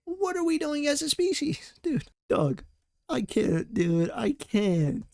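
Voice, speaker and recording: A man's voice: very high-pitched, sing-song, measured pace, gravelly, darkish tone, no room sound. This is a young man hosting a reaction commentary. His voice leaps all over its range as he rants in disbelief and swears freely. The recording is dry and close to the mic. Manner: exasperated, profane, slangy rants. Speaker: commentary host.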